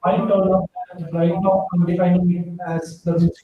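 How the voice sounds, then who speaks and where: A man's voice: high voice, monotone, normal speed, slight background noise. A man in the audience answering a question, hesitant and full of fillers. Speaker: audience member. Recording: distant, echoey room, dull sound.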